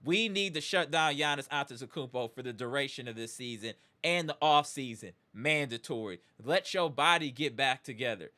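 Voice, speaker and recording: A man's voice: medium pitch, moderate pace, few pauses, sharp tone. A man hosting a live sports reaction stream, ranting emphatically with slang and repeated catchphrases before settling into a game breakdown. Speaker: sports talk show host.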